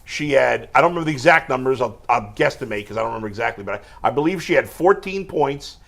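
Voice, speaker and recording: A man's voice: medium pitch, expressive, fast talker, creaky, a bit bright. A man hosting a casual sports talk show, steering the talk with questions.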